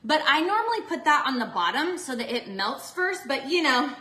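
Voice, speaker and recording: A woman's voice: sits high, sing-song, moderate pace, bright, forceful tone, reverberant. A chatty woman, hosting a cooking stream from her home kitchen and talking to viewers as she bakes. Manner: bubbly, chatty, talks to viewers. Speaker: cooking vlogger.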